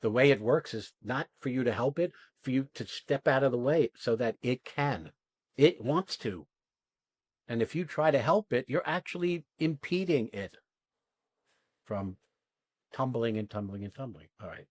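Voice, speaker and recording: A man coaching actors after an exercise, talking casually and acting out quoted lines in animated bursts, often asking "right?" and swearing now and then. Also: mid-range voice, moderate pace, dry recording. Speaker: acting coach and podcast host.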